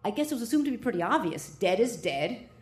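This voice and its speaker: Woman, doctor, live storytelling, mid-pitched voice, animated and self-mocking. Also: fast talker. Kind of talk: first-person storytelling to a live audience.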